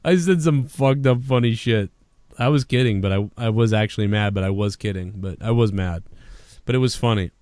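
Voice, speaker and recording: A man's voice: lowish voice, fairly quick, darkish tone, no echo. A man co-hosting a podcast in casual, profane banter, rambling and laughing often. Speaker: podcast co-host.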